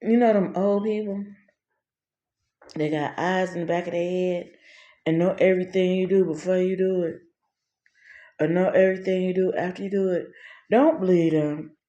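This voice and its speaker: Brief: slangy, animated woman storyteller, mellow voice, roomy echo. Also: lowish voice, normal speed, pauses often, lo-fi sound. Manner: animated, slangy, acts out quotes. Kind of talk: casual storytelling. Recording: echoey room.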